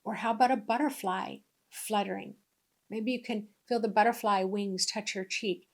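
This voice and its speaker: A middle-aged woman giving a gentle, unhurried spiritual teaching talk with soft asides. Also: medium pitch, fairly even intonation.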